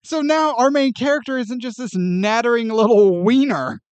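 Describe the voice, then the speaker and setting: A man co-hosting a casual film review podcast, laughing often and talking with lively energy. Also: very high voice, normal speed, clear, resonant tone, dry recording. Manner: animated, laughing often, acting out characters' lines. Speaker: podcast co-host.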